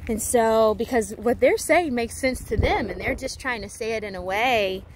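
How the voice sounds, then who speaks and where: A woman talks through spiritual ideas in a loose, meandering way, with a slightly high voice and lots of "like" and "um." She circles back and restarts often, with a playful, animated lilt. A faint hum of background noise sits under her voice. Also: normal speed. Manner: rambling, many fillers and restarts. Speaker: spiritual teacher. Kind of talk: casual spiritual monologue.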